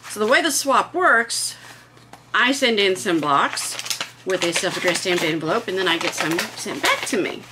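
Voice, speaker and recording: A woman's voice: medium pitch, animated, moderate pace, noisy background. A woman hosting a casual home vlog, chatting enthusiastically and gushing over what she shows. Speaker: vlog host.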